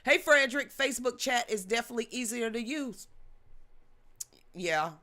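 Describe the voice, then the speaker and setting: A woman's voice: on the high side, animated, moderate pace, bright, forceful tone. A woman hosting a live-streamed news commentary show, ranting bluntly with slang and mild cursing while answering chat comments.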